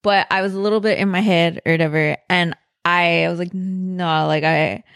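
A woman's voice: on the low side, fairly even intonation, brisk, a bit bright, smooth, dry recording, studio quality. A woman telling a story in a casual chat with her husband, full of fillers and swearing. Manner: swears a lot, many fillers.

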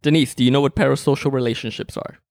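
A man's voice: mid-range voice, steady tone, very fast, darkish tone, dry recording. A man co-hosting a casual podcast, wry and joking, rambling a little, on a close mic. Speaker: podcast co-host. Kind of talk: casual chat.

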